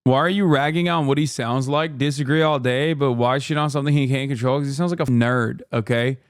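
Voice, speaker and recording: A man's voice: medium pitch, steady tone, a little fast, clear, resonant tone, no room sound, clean studio sound. A man hosting a casual reaction stream, talking in a crude, mocking, profane way. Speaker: streamer host.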